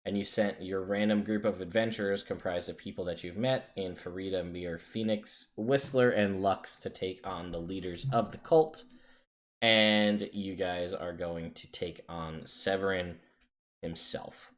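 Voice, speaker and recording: A man running a tabletop game as game master, measured, reading out a list step by step. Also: deep voice, fairly even intonation.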